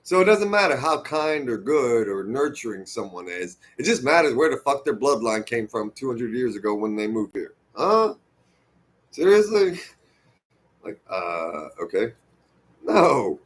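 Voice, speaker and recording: A man's voice: medium pitch, animated, normal speed, hardly any pauses, fairly bright tone. A man streaming an unscripted rant to camera, heated and profane, rambling and restarting his sentences as he gets worked up. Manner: restarts and repeats himself when worked up.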